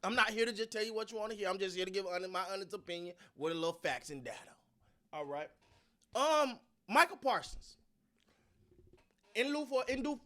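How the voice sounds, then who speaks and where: A man hosting his own sports channel, talking casually to his viewers and giving his opinions in a loose, slangy, repetitive way. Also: high voice. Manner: animated, repetitive, slangy, talks to the audience. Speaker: sports commentary host.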